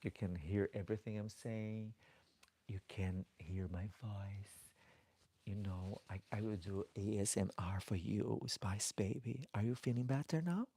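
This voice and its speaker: A man with a low, gravelly voice hosts a drag live stream at an unhurried pace. He reads viewer comments aloud and chats back affectionately, calling his audience darlings. His speech is halting, full of repeated and restarted words. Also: steady tone, dark tone.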